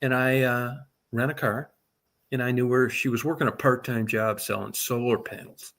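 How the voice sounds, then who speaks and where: A middle-aged man spins a long personal yarn in loose, casual talk, cursing freely and building energy as he goes. His voice sits at an ordinary middle pitch for a man. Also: normal speed. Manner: profane, animated storyteller. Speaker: guest telling a story. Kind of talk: casual storytelling.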